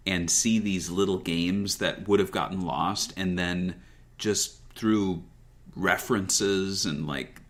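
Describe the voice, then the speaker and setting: A man's voice: low voice, fairly bright tone. A man hosting a casual gaming podcast, rambling as he chats and reads listener messages aloud. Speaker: podcast host.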